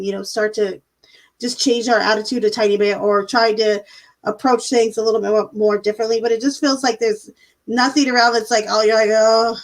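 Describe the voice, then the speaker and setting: A woman's voice: a little high, rough recording. A woman giving a live-stream tarot reading in a casual, chatty way, full of fillers and "like"s. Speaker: tarot reader.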